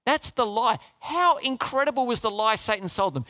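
A man preaching a sermon in a lively, conversational way, often asking the congregation questions. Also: very high voice, normal speed, no echo. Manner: lively, conversational, asks the crowd questions, restarts.

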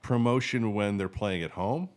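A man's voice: lowish voice, normal speed. A man co-hosting a podcast, trading dry, teasing banter in casual chat. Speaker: podcast co-host.

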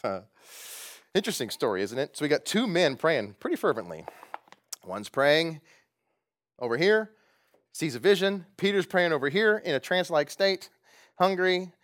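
A man's voice: fairly high pitch, very animated, moderate pace, long pauses, a bit bright. A man leading a prayer and teaching a Bible study to people at tables, in a conversational manner with light humorous asides. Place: room with groups at tables.

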